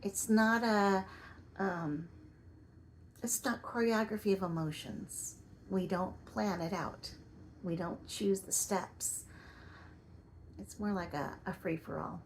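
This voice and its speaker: A woman giving reflective personal narration in a soft, measured way, at times dropping to a whisper. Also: medium pitch, a little hiss or hum. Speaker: vlogger.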